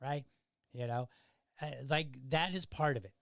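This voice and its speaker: A middle-aged man hosts a podcast in a relaxed, chatty monologue. His voice sits a little high for a man and sounds dry, with almost no room echo. He keeps checking in with his listeners by asking "right?" as he tells his stories. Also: measured pace. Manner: conversational storytelling, often checks in with "right?". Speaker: podcast host. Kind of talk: casual commentary monologue.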